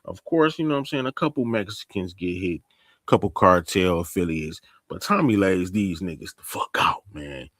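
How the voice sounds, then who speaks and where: A man giving a casual, slang-heavy TV episode recap, telling the story in an animated way. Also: deep voice, normal speed, no room sound. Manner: animated storytelling, acting out characters, laughing. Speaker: TV recap host.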